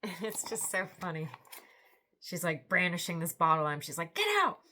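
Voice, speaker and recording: A woman's voice: on the low side, brisk, sharp tone, slight background noise. A woman in her forties hosting a book vlog, chatty and enthusiastic in a rambling, casual way. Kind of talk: casual book review chat.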